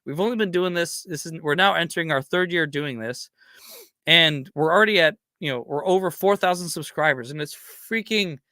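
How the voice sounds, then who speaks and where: A man's voice: on the high side, brisk, pushed and bright, no room sound, studio quality. A man hosting a fan podcast, talking casually and heartfelt with lots of fillers. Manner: rambling, heartfelt, lots of "you know". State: getting choked up. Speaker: podcast host.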